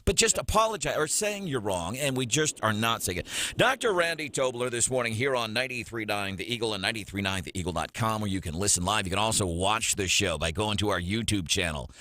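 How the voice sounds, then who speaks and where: A man hosting a morning radio show in a studio, talking in a chatty, animated way and laughing often. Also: on the low side, brisk.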